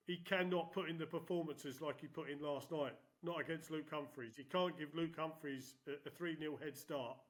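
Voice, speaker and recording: Middle-aged ex darts player, blunt and plain-spoken, slightly high voice. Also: male voice, fairly bright tone. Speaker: former darts player, pundit. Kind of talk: casual sports punditry.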